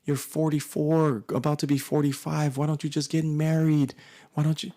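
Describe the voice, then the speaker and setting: A man's voice: a little high, flat delivery, normal speed, warm tone, voice pushed up, natural voice. A man imitating his elderly mother, who nags him over and over in a raised, pleading voice. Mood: nagging. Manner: repetitive, pleading nag. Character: nagging elderly mother, guilt-tripping.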